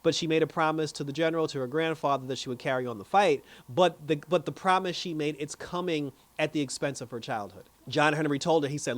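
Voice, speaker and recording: A man giving a chatty, animated recap and review of a TV episode, often restarting his sentences. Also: on the high side, fast, hardly any pauses.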